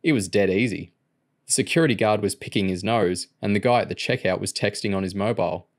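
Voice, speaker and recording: A man narrating an audiobook in a steady, even storytelling manner. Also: lowish voice, fast. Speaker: audiobook reader.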